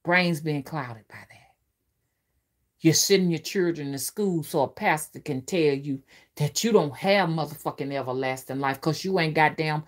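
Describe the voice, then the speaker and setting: A woman's voice: low-pitched, normal speed. A woman, a spiritual reader giving a profane, emphatic ranting monologue and often asking the listener whether they follow. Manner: profane, preachy, emphatic, asks the listener to agree.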